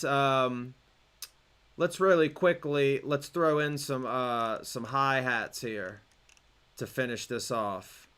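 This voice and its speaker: A young man teaches beat making in a relaxed screen tutorial. His voice is smooth and clear at an ordinary middle pitch, and he talks it through loosely, restarting phrases and filling pauses with "um". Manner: relaxed, explanatory, with fillers and restarts. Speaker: music production instructor.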